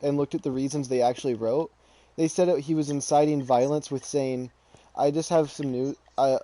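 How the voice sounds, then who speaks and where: A man's voice: fairly high pitch, a little fast, mellow. A man chatting casually with a friend, rambling and restarting his sentences often. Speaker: channel host. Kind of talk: casual chat while gaming.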